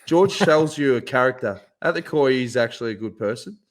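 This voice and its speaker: A man co-hosting a casual podcast at a middle pitch, bantering, laughing, and spinning stories about weddings and riders. His delivery stays loose and conversational. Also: lively intonation, a little fast. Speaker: podcast host. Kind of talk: casual chat.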